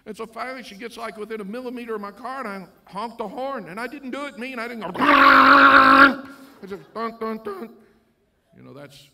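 A pastor preaching a sermon in church, loud in the call-and-response and joking when he tells stories. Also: very high-pitched, lively intonation, fast, creaky, hardly any pauses, very noisy. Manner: storytelling, joking with the congregation. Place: church sanctuary.

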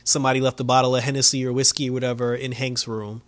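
Man, casual episode recap, mid-pitched voice, dry close sound, loose and chatty. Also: little pitch movement, quick pace, no room sound. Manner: loose, lots of fillers, laughs often, acts out quotes. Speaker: show reviewer.

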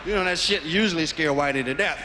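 A man telling a stand-up comedy story, profane and animated. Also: fairly high pitch, fast talker, heavy background noise.

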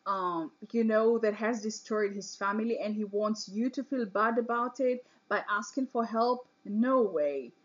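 A woman hosts the interview and answers her guest with long, affirming runs of reassurance. Her voice sits in a middle pitch. The sound is dull and lo-fi. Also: a little slow, few pauses, slightly rough. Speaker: host. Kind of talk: interview chat.

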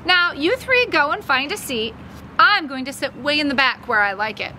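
A woman reading an audiobook, voicing an easygoing mother who is breezy, reassuring and gently firm. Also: sits high, lively intonation, normal speed, slight background noise, exaggerated voice. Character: upbeat easygoing mother, middle-aged woman.

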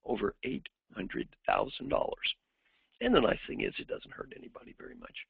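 A man's voice: lowish voice, wildly swooping pitch, fairly quick, vocal fry, husky, no echo. A man who works as an executive coach gives a lecture full of anecdotes and acts out the people in his stories. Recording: dry, phone-like narrowband sound.

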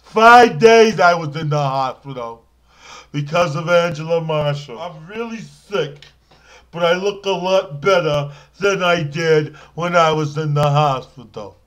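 A man doing whiny, high-voiced Junebug McGee. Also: measured pace, natural voice. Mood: lamenting. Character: battered, self-pitying man who scavenges cans. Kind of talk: comic character monologue to camera.

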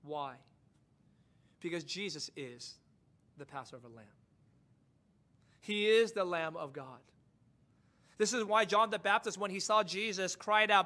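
Impassioned high-voiced male pastor preaching. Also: measured pace, long pauses. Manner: impassioned, swings from soft asides to rising emphatic declarations. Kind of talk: sermon.

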